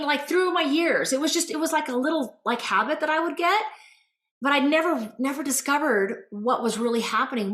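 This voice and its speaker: A woman hosting a show, telling a personal story in a casual, animated, rambling way with many fillers. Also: on the high side. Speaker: host. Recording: roomy echo.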